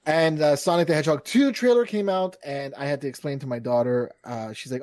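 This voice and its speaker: A man's voice: fairly high pitch, brisk, few pauses, a little mellow, dry recording, clean studio sound. A man in his thirties, a podcast co-host, chatting casually and animatedly, acting out quotes and laughing often. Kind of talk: casual chat.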